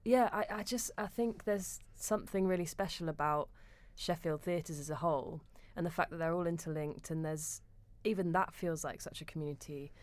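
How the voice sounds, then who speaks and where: Low-voiced southern English actress, thoughtful. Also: female voice, moderate pace, few pauses, a little mellow, no room sound. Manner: thoughtful, searching for words. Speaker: musical theatre actor, guest. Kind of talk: casual chat.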